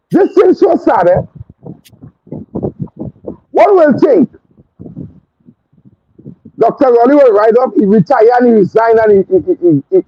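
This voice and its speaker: A man's voice: very high-pitched, no echo. A man with a Trinidadian accent hosting a talk show, delivering a fiery, scornful political rant full of repetition. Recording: dull lo-fi stream audio with faint hiss.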